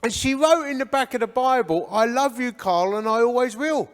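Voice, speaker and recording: Brief: English man, fifties, high voice, animated church testimony, long hall reverb. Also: moderate pace, clean tone. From England. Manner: animated storyteller who acts out what people said. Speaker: guest speaker giving his life story.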